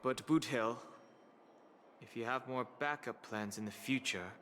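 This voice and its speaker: Man voicing a measured, cautious gentleman. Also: mid-range voice, slight background noise, lightly acted. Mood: calm. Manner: measured, polite. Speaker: game character. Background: game music.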